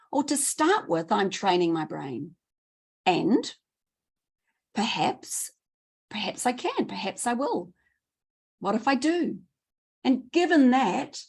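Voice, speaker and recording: A middle-aged woman giving a training talk, enthusiastic and quick, repeating words for emphasis. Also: mid-range voice, gravelly, slightly rough. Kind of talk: presentation talk.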